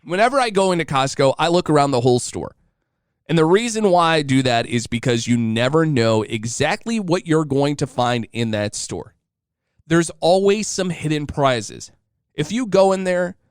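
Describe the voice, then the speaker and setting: A man in his thirties spins a casual, joking story to his listeners, now and then slipping into voices. His voice is smooth and sits a little high for a man, recorded dry and close. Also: lively intonation, normal speed, no echo. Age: 30s. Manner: chatty and joking, acting out voices. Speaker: podcast host.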